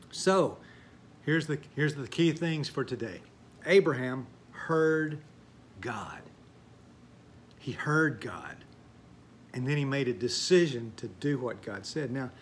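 A man preaches a sermon in a relaxed, folksy way, chatting through stories and asides. His voice sits at a middle pitch. Faint noise runs under the recording. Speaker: pastor.

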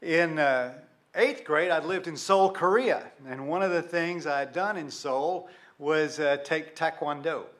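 A man's voice: on the high side, a little slow, a bit bright. A man, preaching a sermon and telling a story from his youth in a conversational way, full of rhetorical questions. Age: 60s. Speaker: pastor.

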